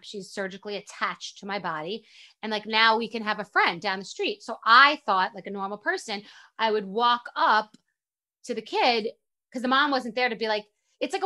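A woman podcast host telling stories in a rambling, animated, self-deprecating way and swearing freely. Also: a little high. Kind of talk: casual storytelling monologue.

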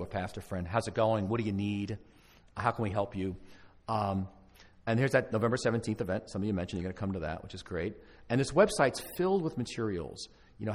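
A male pastor giving a conversational conference talk to church leaders, with frequent restarts and asides. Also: medium pitch. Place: large conference hall. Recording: live hall recording with long reverb.

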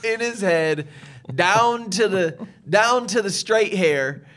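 This podcast co-host is a young man whose voice sits high and moves at a slow pace. Chatting casually, he spins a family story with lots of laughter, playing the animated storyteller and voicing his wife and others.

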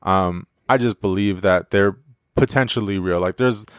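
A man's voice: fairly low pitch, moderate pace, clear, resonant tone, dry recording, clean studio sound. A man hosting a casual solo podcast, rambling and joking with plenty of profanity and fillers. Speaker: podcast host.

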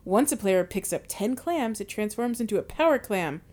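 A woman's voice: mid-range voice, animated, normal speed, darkish tone. A woman co-hosting a casual podcast, laid-back and a bit hesitant, reading from notes. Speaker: podcast co-host. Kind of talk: casual chat.

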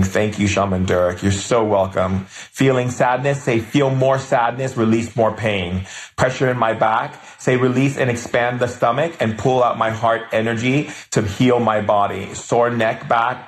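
A man leading a live spiritual healing session, reading viewer comments aloud and answering with soft, affectionate, chant-like commands. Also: mid-range voice, reverberant.

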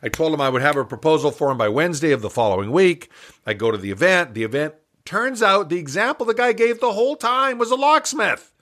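Animated older man telling a story. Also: a little high, fast. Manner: lively, animated storyteller who laughs often. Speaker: guest entrepreneur. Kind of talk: storytelling in a podcast interview.

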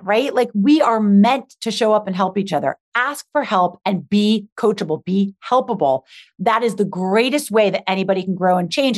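A woman speaking as a guest on a podcast, an accountability coach who talks with energy and emphatic repetition. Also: mid-range voice. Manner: energetic, emphatic, repeats key words. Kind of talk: podcast interview.

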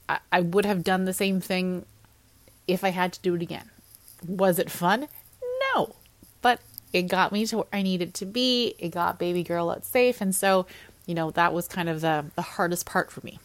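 A young fitness coach tells her birth story candidly in a vlog, chatting casually with plenty of fillers. Her voice is medium-pitched, with no echo.

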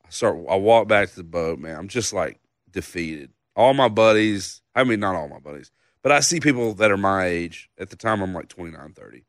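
Low-voiced guy in his 30s telling a story, laughs a lot, dry close mic. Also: expressive, brisk, no room sound. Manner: laughing, loose storyteller, says man and dude. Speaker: songwriter guest. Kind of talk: casual storytelling on a podcast.

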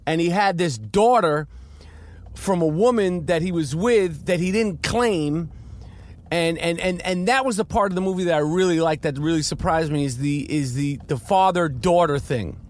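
A middle-aged man rambles through a casual film review, cursing and circling back on himself. His voice sits high for a man. He talks outdoors on a city street. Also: moderate pace. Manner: rambling, profane and fiery, with many restarts. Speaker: podcast host and actor reviewing a film.

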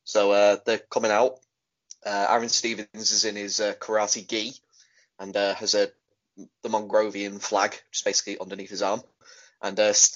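A man hosting a casual chat show and recapping a wrestling show at length, rambling with many fillers and laughing easily. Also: lowish voice. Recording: dull lo-fi audio.

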